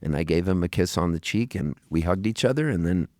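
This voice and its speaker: A middle-aged man, a musician guest in a radio studio, telling an animated story and acting out other people's lines. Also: low voice, a little fast, no room sound. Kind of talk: storytelling interview.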